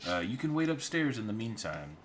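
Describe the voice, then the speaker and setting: A man's voice: lowish voice, sing-song, a little fast, a little hiss or hum, voice pushed up. A man voicing a casual, offhand male bartender. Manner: casual, dude-ish.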